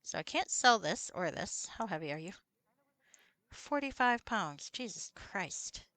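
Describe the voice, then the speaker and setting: A woman's voice: mid-range voice, lively intonation, measured pace, a bit bright, no room sound. A woman streaming a computer role-playing game, chatting casually, swearing and reading out the characters' lines. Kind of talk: casual let's-play chat with read-aloud dialogue.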